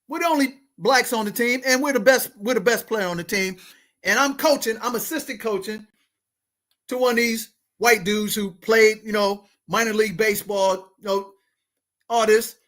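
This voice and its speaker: Host, male, 40s: lively, chatty storyteller who voices the people in his tales. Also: sits high, normal speed. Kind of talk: casual storytelling.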